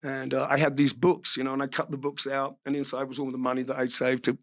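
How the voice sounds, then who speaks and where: A man's voice: medium pitch, little pitch movement, fast talker. A man, an interview guest telling stories casually, swearing freely and laughing as he talks. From England. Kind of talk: casual storytelling.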